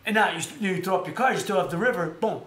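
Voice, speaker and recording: On a casual boxing live stream, the host speaks in a high, racing voice. He rambles through animated stories, frequently correcting himself, in an echoey room with faint background noise.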